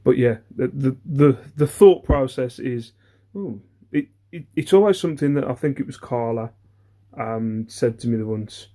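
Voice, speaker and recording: A man's voice: mid-range voice, animated, normal speed, dark tone. A man, chatting casually through an eBay reseller's haul video. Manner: chatty, rambling, self-deprecating, many ums.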